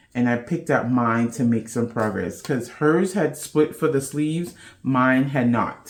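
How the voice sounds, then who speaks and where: Chatty, playful woman podcast host. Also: extremely low pitch. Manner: chatty, playful, loose slangy talk. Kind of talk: casual chat to camera.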